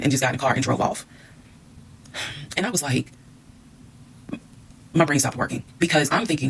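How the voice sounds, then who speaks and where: A woman rattles through a personal storytime at breakneck speed. Her voice has a gravelly fry, and she is blunt and candid, swearing freely. She acts out the back-and-forth of old arguments as she goes. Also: low-pitched, fast talker, pauses often, a little hiss or hum, low-quality recording. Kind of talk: storytime monologue.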